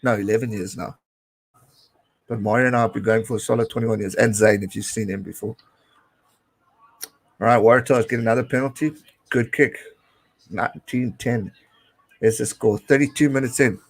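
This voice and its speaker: A South African man in his late twenties gives loose, chatty commentary as he watches a match live. He gets excitable and cheers at the screen. His voice sits at an everyday middle pitch. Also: moderate pace, long pauses, poor audio. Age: late 20s. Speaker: live-stream host. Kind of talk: casual watch-along commentary.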